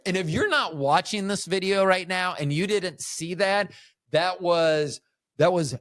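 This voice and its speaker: A man's voice: medium pitch, dry recording, studio quality. A man hosting his own video, talking in a rambling, boastful and self-mocking way with plenty of swearing. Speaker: video host. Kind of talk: casual rambling monologue.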